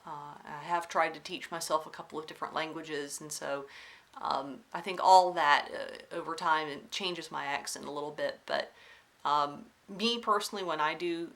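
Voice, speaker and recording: A woman with a mixed Alabama and North Carolina accent talks casually to her viewers from home. Her voice sits on the low side yet sounds bright and clear. She enunciates with care but rambles, restarts often, and softens her R's slightly. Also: steady tone, normal speed. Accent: Southern US, mixed Alabama and North Carolina. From Southern United States (Alabama, then North Carolina). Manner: chatty and rambling, with many ums and restarts; careful enunciation. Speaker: cross-stitch vlogger. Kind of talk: casual chat to camera. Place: at home indoors.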